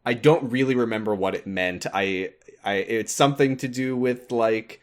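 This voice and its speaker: A man's voice: medium pitch, moderate pace. Rambling man recapping a game. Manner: rambling, full of "like" and fillers, laughs often. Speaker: podcast host. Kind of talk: casual chat recapping a game.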